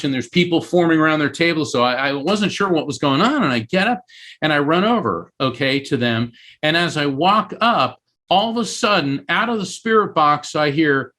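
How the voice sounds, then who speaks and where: A middle-aged man from Central Florida, an author and medium, telling a story in casual spoken style, his voice rising high when he acts out shouts. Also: animated, moderate pace.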